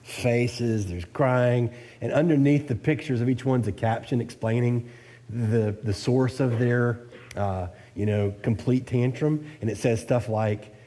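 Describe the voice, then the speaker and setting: A man delivering a sermon in a warm, mellow voice of middle pitch. He works through the text verse by verse and presses his listeners with rhetorical questions, his voice lifting on the points he stresses. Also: fairly even intonation, a little slow. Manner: expository preaching with rhetorical questions. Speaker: preacher.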